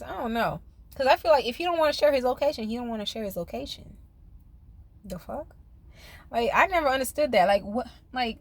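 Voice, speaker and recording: Woman, casual reality TV recap, chatty and profane, higher pitch. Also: no room sound. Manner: chatty, profane, laughs often, talks to viewers as y'all. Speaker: reality TV commentator.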